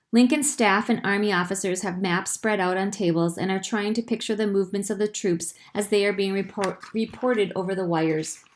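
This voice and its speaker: Woman reading history aloud, measured. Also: medium pitch, a little mellow. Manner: careful, measured reading with occasional stumbles and self-corrections. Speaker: reader of a history book.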